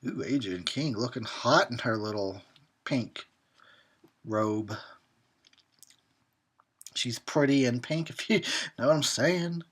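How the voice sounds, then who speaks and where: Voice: medium pitch, lively intonation, slow, pauses often, breathy edge. Drunk horror host rambling over a movie, swears a lot, keeps cracking up. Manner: profane, rambling, often laughing.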